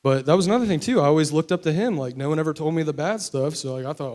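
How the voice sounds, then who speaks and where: A man's voice: on the high side, fast talker, a little mellow. Young man rambling through his testimony. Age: young adult. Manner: rambling, candid storytelling with many fillers. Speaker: testimony speaker. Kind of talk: personal recovery testimony.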